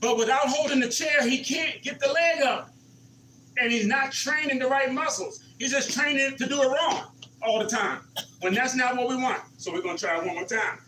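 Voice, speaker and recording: A man's voice: very high-pitched, normal speed, pushed and bright, reverberant, recorded from a distance, slight background noise, rough recording. A man leading a senior exercise class, counting reps and coaching encouragingly. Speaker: senior fitness instructor. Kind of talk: live exercise class instruction. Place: community center exercise room.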